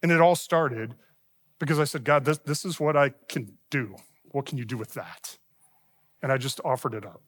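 A man's voice: mid-range voice, moderate pace. A middle-aged man preaching a sermon in a church, telling a personal story in a conversational way and acting out the voices he quotes. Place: church sanctuary.

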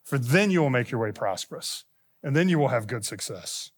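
Pastor preaching in an echoing sanctuary. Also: male voice, mid-range voice, expressive, a little fast, slightly rough. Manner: preaches with rising emphasis on quoted scripture. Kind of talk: sermon. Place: church sanctuary. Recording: long reverb of a church hall.

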